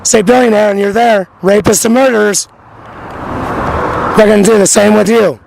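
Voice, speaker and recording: A man's voice: high-pitched, fairly even intonation, moderate pace, vocal fry. A man hosting a street radio show, talking in a rambling, repetitive, emphatic monologue outdoors by a busy road. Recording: outdoor recording with loud traffic noise.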